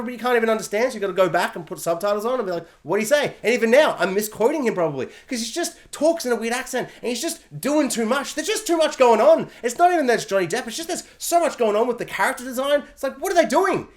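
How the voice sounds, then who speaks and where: A film reviewer talking through a spoiler review in a rambling, chatty way, often breaking into silly voices to act out scenes. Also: medium pitch. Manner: animated, acts out scenes in silly quoted voices; rambling, chatty, many fillers. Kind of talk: casual spoiler review monologue.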